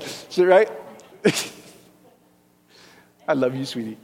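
A middle-aged male pastor preaching a sermon in a church hall, lively and joking, firing rhetorical questions at the congregation. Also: high-pitched, normal speed. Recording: long hall reverb.

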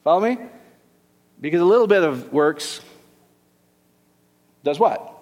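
A middle-aged man preaching with a fairly high voice, his words ringing out in a hall with a long reverb. He jokes and keeps throwing questions back at his congregation. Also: takes it slowly. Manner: lively, joking, rhetorical questions to the congregation. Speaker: pastor. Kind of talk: sermon.

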